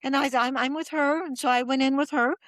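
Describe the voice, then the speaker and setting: Lively woman telling a story, dry sound. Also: high-pitched, quick pace, no echo. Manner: lively storyteller who acts out quoted voices. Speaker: guest. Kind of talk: storytelling in a podcast interview.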